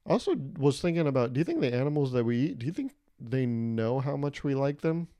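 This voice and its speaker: Mellow-voiced man hosting a rambling podcast. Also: medium pitch, animated, fast, no echo. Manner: rambling, profane, self-mocking, argues with himself. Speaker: podcast host. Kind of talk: solo comedic podcast monologue.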